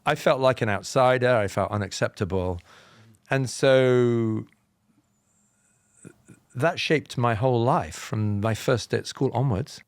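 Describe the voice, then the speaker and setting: An Englishman with a Southern, BBC-style received pronunciation accent shares reflective personal stories as a podcast guest. He explains things in a measured way, with self-deprecating humour. His pitch is medium, and the studio sound is clean with no echo.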